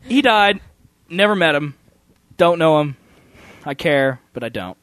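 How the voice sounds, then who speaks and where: Animated young male radio co-host. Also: on the high side, measured pace, clean tone, no room sound. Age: young adult. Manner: animated storytelling, mimics people, laughs often. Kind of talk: casual banter.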